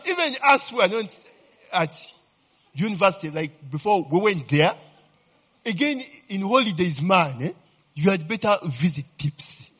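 A middle-aged man with a Ugandan English accent talks to an audience in a loose, teasing way. He laughs easily and keeps throwing questions back at his listeners. His voice is husky and sits a little high for a man. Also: fairly bright tone. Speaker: speaker addressing an audience. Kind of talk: informal talk to a crowd.

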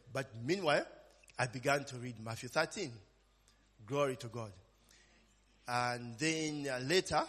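In a long-reverb recording, a man with a mid-range, fairly bright voice delivers an informal, conversational sermon. He often ends lines with "eh?" or "amen?" and poses call-and-response questions to the congregation.

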